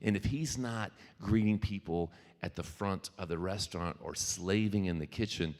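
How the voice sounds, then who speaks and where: At a normal speed, a low-pitched man with a darkish tone delivers a casual keynote as the featured speaker, a Louisiana singer-songwriter at a venue packed with a live audience. He jokes, wanders off topic, speaks directly to the crowd and swears liberally, and the venue PA adds a long hall reverb.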